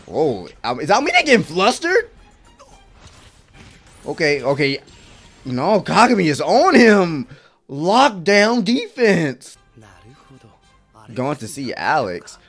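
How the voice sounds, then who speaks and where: Excitable man with a lively, swooping voice. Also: fairly high pitch, slow, pauses often, soft background music. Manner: excitable, exclaims and laughs often, slangy. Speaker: anime reaction video host. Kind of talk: casual reaction commentary.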